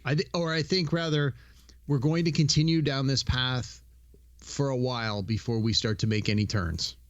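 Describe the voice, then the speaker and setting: A man's voice: medium pitch, steady tone, moderate pace, no room sound, lo-fi sound. A middle-aged man co-hosting a podcast, speaking in a thoughtful, hesitant way with frequent restarts. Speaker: podcast co-host. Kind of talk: casual movie-review chat.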